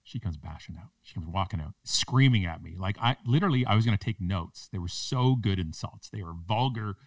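A man with a fairly low voice tells a story on a podcast, landing his self-mocking jokes with punchy timing. He sounds a little distant from the microphone. The recording is dry, with no room echo. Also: lively intonation, a little fast. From Canada. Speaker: podcast guest, public speaker. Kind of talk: animated storytelling in a podcast interview.

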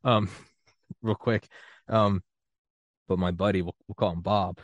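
A man's voice: sits low, fairly even intonation, a little slow, no echo, muffled recording. A man from the United States hosting a podcast, talking in a loose, rambling, self-deprecating way and laughing often. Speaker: podcast host. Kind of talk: casual conversational interview.

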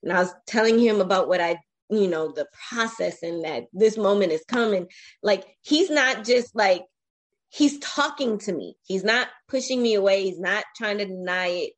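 A woman in her forties, a podcast interview guest, telling her own life story in an animated, emotional way with frequent restarts. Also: medium pitch, normal speed.

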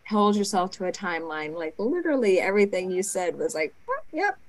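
A woman interviewer speaking gently and affirmingly to her guest in a conversation. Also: fairly low pitch, expressive, a little fast. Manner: gentle, affirming, soft-spoken.

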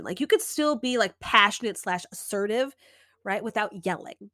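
A woman in her thirties hosting a podcast, giving casual advice and acting out inner dialogue in an animated way. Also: medium pitch, moderate pace, no room sound, studio quality. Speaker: podcast host.

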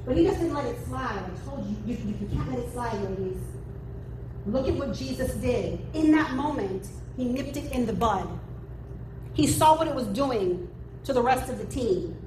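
High-voiced woman preaching in an echoey church. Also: moderate pace. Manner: lively, humorous preaching with acted asides. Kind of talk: sermon at a women's church event. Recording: echoey room from far off, noisy.

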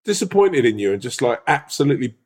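A man co-hosting a podcast, telling stories in casual, animated chat with plenty of swearing. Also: mid-range voice, fast. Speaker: podcast co-host.

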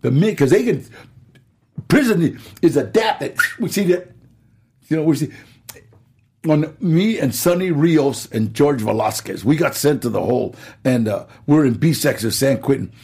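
A middle-aged man with a rough, gravelly voice and a heavy husky edge. He tells his stories with a lot of movement in his pitch, acting out the lines of the people in them and laughing along the way. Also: normal speed. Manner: animated storyteller, acts out quotes and laughs. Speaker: actor guest. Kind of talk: storytelling interview.

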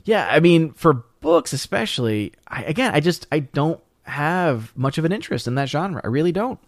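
A man's voice: a little high, sing-song, normal speed, no echo, clean studio sound. A man hosting a casual livestream who reads viewer comments aloud and rambles with frequent restarts. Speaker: livestream host reading chat.

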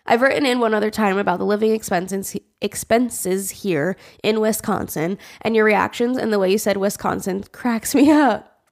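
A woman's voice: medium pitch, moderate pace, vocal fry. A young woman co-hosting a casual podcast, laughing often, swearing freely and reading a listener's letter aloud. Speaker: podcast co-host.

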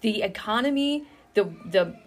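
A middle-aged woman co-hosting a casual Bible study chat, retelling stories in an animated way and acting out the quotes. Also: medium pitch, moderate pace. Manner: animated storytelling, acts out quotes, laughs often. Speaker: co-host.

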